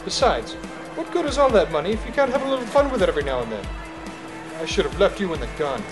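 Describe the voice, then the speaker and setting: A man's voice: high-pitched, sing-song, fast, music in the background. An actor playing a touchy, defensive male fugitive who likes to gamble.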